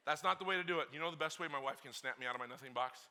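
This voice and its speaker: A man preaching a sermon as pastor, telling a story in an animated way that swings from hushed to shouting. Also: mid-range voice, very fast, hardly any pauses.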